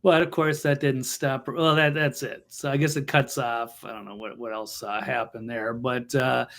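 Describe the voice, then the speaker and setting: A man's voice: mid-range voice, flat delivery, moderate pace, creaky, fairly bright tone. A man hosting a political talk show, commenting in a blunt, mocking way with lots of restarts and fillers. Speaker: show host.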